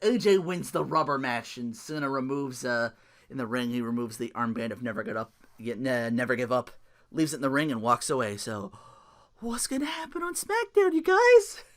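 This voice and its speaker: A man hosting a podcast, recapping wrestling matches in a casual, animated play-by-play, laughing often and swearing freely. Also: medium pitch, fairly quick. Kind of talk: casual solo recap with impressions.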